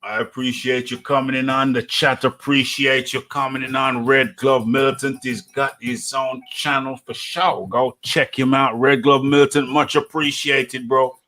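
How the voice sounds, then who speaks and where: A man's voice: mid-range voice, level tone, moderate pace, hardly any pauses, bright, forceful tone. A man hosting a live boxing chat show, talking casually and repeating his phrases. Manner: repeats phrases, laughs easily. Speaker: podcast host.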